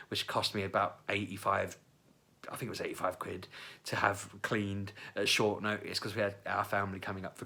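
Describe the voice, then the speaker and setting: A young British man telling funny stories about himself in a casual vlog, acting out what people said with big jumps in his voice. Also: sharp tone. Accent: British English. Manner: chatty, self-mocking, acts out quotes with big pitch jumps. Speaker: vlogger. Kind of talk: casual storytelling.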